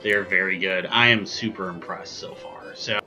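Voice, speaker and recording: A man's voice: sits low, steady tone, normal speed, pushed and bright, muffled recording, faint music behind. A man hosting a casual whiskey tasting vlog, chatty and joking with lots of ums and asides. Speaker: whiskey reviewer, channel host.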